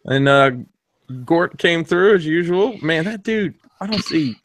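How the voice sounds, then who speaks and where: A man's voice: a little high, measured pace, slight background noise. A man from Alabama, hosting a casual podcast chat, laid-back and chuckling often as he trails off mid-sentence. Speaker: podcast host.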